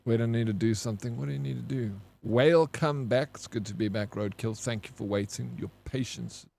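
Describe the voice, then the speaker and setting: A man's voice: medium pitch, a little fast, vocal fry, a little mellow. A man with a South African accent, chatting casually with his live-stream chat as he plays, greeting viewers by name and swearing freely. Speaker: game streamer.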